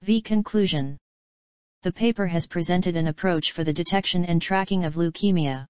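A woman reads an academic paper aloud in a steady, even delivery and spells acronyms out letter by letter. Her voice sits low and sounds clean and smooth. The recording is dry and a little dull, with a lo-fi edge. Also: moderate pace, no echo.

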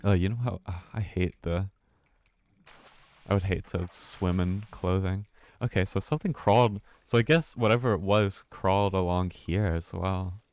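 A man's voice: low-pitched, moderate pace, darkish tone. A man streaming a horror game, talking to himself with nervous laughs and swearing. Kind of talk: casual let's-play commentary.

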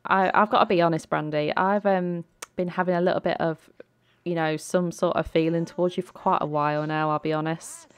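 A woman voicing a nervous woman in her twenties in a life-sim game, hesitant and full of pauses. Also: on the low side, steady tone, smooth, lightly acted. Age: 20s. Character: anxious young woman confessing feelings.

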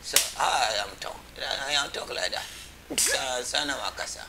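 A man's voice: medium pitch, moderate pace, creaky, background noise. A man, a comedian guest on a live show, bantering with sudden yelps and chants. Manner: animated, chants and yelps, mixes languages.

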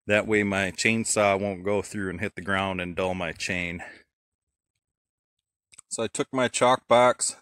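A man's voice: on the low side, fairly bright tone, clear, resonant tone, no room sound. A man casually explaining his sawmill work outdoors, thinking aloud with many fillers. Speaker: homesteader showing sawmilling. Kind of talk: casual how-to narration. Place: outdoors at a log pile.

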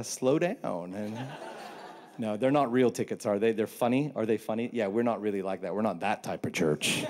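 This pastor's voice is lowish, with a little hiss or hum in the recording. He preaches from a church stage in an animated way, cracking jokes and performing Bible scenes and quotes in put-on voices.

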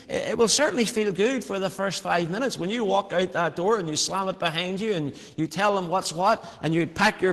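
Male preacher, high voice, earnest storyteller, long hall reverb. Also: fairly bright tone. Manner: earnest, storytelling, varied emphasis. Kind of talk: sermon with personal story.

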